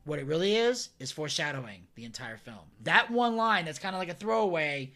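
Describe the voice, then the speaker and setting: A man co-hosting a podcast in casual chat, an animated storyteller who acts out scenes and laughs often. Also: on the high side, fast talker, few pauses. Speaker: podcast co-host.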